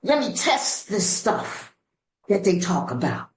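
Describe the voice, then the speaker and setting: An older woman from Los Angeles tells her recovery story with a preacher's punch, her mid-pitched voice swinging high and low. The talk rings with the echo of a meeting room. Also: slow. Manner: animated, preacherly storytelling with sudden shifts of voice; African American Vernacular English grammar. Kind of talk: speaker-meeting share.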